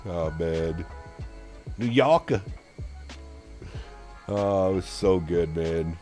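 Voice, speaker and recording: A Canadian man streams a flight simulator, chatting casually with viewers and swearing freely in live-stream commentary. His voice sits low with a dark tone, and he speaks very slowly with long pauses over soft background music.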